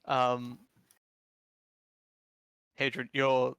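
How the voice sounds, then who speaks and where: A man's voice: medium pitch, monotone, extremely slow, fairly bright tone, clean tone, no room sound. A man narrating a tabletop game as game master, in a casual, rambling way full of fillers.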